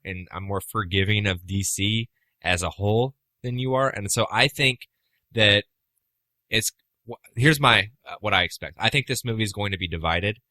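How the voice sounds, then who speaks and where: A man's voice: lowish voice, sharp tone, dry recording. A man co-hosting a podcast, chatting casually and arguing his point with teasing and swearing. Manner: argumentative, teasing, swears freely. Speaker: podcast co-host. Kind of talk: casual chat.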